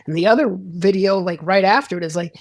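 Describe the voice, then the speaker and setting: A man's voice: high voice, a little fast, creaky, no room sound. A man, a sports psychologist, talking as a guest in a casual interview, rambling with restarts and acting out quoted dialogue.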